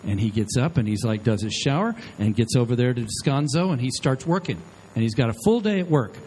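Brisk and medium-pitched, a man preaches to a live audience on a handheld mic, bringing his sermon stories to life by acting out what each person said. There's slight background noise, and the audio quality is poor.

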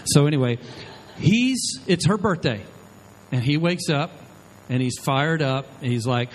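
A man's voice: a little high, unhurried, slight background noise, rough recording. A man preaching to a live audience into a handheld microphone, acting out the people in his stories. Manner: animated, acts out quotes of the people in his stories. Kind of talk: sermon storytelling to a live audience.

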